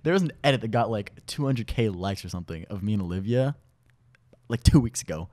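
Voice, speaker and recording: A man's voice: lowish voice, quick pace. Laughing young man telling stories. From Washington State, US. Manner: animated storytelling, laughing often. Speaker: podcast guest. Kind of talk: casual chat.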